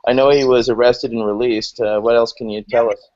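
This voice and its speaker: A man on a casual panel chat, asking questions in a halting, hesitant way. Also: mid-range voice, fairly even intonation, a little mellow. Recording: lo-fi call audio.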